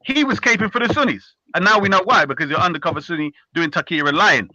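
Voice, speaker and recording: A man's voice: high-pitched, fast, pushed and bright, no echo. A man hosting a heated online debate, brash and mocking as he talks over others. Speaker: host of a live online debate. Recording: muffled dry online call audio.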